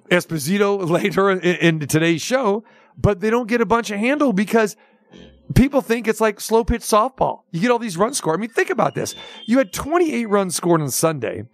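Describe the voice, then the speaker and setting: A fired-up male sports radio host with a fairly high voice, firing off sarcastic rhetorical questions and hot takes. He swings between mock excitement and scoffing dismissal. A faint music bed plays under him. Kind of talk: opinionated sports talk.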